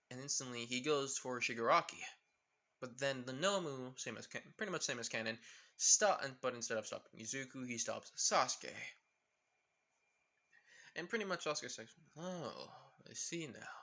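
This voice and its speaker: A man's voice: mid-range voice, expressive, moderate pace, long pauses, bright, forceful tone. Rambling young man telling a story. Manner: rambling, many fillers. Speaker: fan fiction narrator. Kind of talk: casual improvised story narration.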